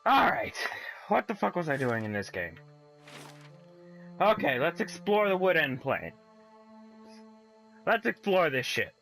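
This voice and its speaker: A man's voice: a little high, sing-song, unhurried, gravelly, long pauses, fairly bright tone, faint music behind, poor audio. A man hosting a let's play, commenting casually in a profane, rambling way and reading aloud from a magazine.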